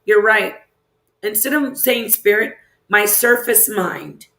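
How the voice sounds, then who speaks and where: A woman's voice: mid-range voice, slow pace, a bit bright. A woman hosting a casual livestream, chatting loosely, reacting to viewer comments and asking them questions aloud. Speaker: livestream host. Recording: roomy echo.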